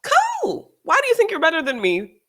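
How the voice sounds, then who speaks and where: A host talking casually on a livestream, animated and sarcastic, often restarting sentences and trailing off. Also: high voice, fast, faint music behind. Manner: animated, sarcastic, shifts into mocking quoted voices.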